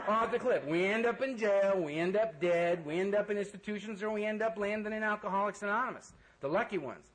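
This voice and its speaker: A man shares his story as the speaker at a recovery meeting in a crowded room, mixing bluntness, jokes, and sincerity with casual swearing. His high-pitched voice has a fairly bright tone, though the audio is poor.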